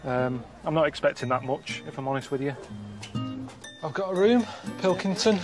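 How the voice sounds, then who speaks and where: A man giving bemused, deadpan commentary while he travels. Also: on the high side, moderate pace. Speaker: travel show presenter. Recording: music under the voice.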